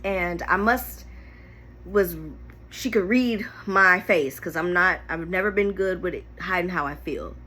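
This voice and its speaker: Speaking to camera, a storyteller vlogger with a bright, forceful, fairly low-pitched voice shares a painful personal story at an unhurried pace. Her emotional, candid and animated retelling is vivid and heartfelt, and at moments she fights back tears.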